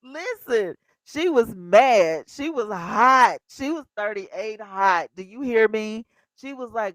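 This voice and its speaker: A woman in her fifties hosting a casual livestream, chatty and animated, talking straight to her viewers. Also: fairly high pitch, measured pace, dry recording, rough recording. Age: 50s. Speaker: livestream host.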